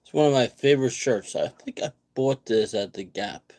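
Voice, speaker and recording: A man's voice: mid-range voice, moderate pace, darkish tone. A man hosting his own vlog, rambling casually, repeating words and restarting his sentences. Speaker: vlogger host.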